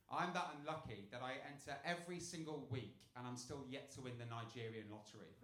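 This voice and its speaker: A man doing a stand-up set on a club stage into a handheld mic, telling dark jokes deadpan, dropping low for setups and getting loud on punchlines. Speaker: stand-up comedian. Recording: echoey club with room noise.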